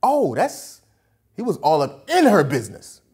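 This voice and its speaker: An animated pastor delivers a sermon with a pitch that rises and falls freely. The delivery is emphatic and colloquial, driving points home by repeating phrases and posing questions before answering them. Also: measured pace, breathy edge. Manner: casual, colloquial preaching.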